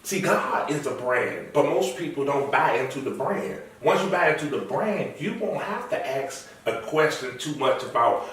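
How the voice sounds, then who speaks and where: A man with a fairly high voice talks at normal speed with hardly any pauses, recorded far from the mic in an echoey room. He is a guest in a casual conversational interview, telling stories animatedly and acting out quoted lines.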